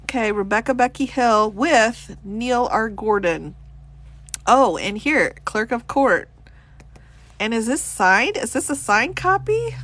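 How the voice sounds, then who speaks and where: A woman's voice: on the high side, big pitch swings, a bit bright, rough recording. A woman attorney hosting a live stream, reading a document aloud and reacting to chat with frequent laughter and exclamations. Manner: reads text aloud in a brisk, plain way.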